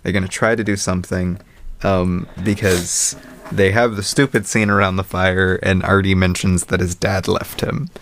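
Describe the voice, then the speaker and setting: A man co-hosting a casual movie review chat, rambling and animated as he retells scenes. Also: low-pitched, normal speed, a little hiss or hum. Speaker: podcast co-host.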